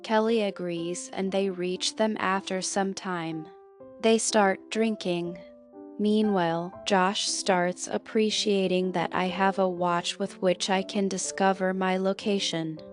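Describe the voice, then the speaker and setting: A woman reading a scripted film recap narration in a slow, measured way, walking through plot events and quoted lines. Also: medium pitch, fairly even intonation, faint music behind.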